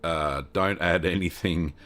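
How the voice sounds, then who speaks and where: In an unhurried, low voice, a man in his fifties with an Australian accent chats with viewers while hosting a cheese-making livestream. He's relaxed and rambling, welcoming chat viewers by name.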